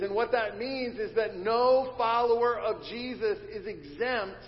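A man's voice: sits high, lively intonation, a little slow, hardly any pauses. A man preaching a sermon as pastor, teaching and leading his congregation in call and response. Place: church sanctuary. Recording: dull recording in a reverberant church hall.

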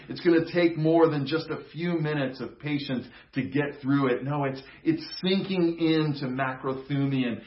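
A man preaching a sermon in a conversational, playful teaching manner, getting the congregation to repeat words with him. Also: medium pitch. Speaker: pastor. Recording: roomy, dull sound.

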